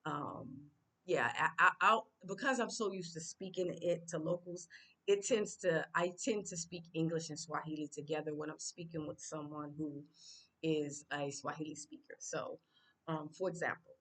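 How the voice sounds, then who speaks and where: Low-voiced woman vlogging casually. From United States. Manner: unscripted, halting with many fillers and restarts; speaks Swahili phrases louder and higher. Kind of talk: casual vlog talk.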